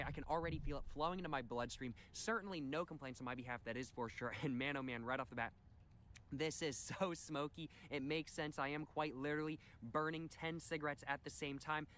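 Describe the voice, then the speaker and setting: A man narrating his own video in a mock-earnest, deadpan way, repeating his catchphrases. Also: a little high, brisk, slight background noise. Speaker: video creator.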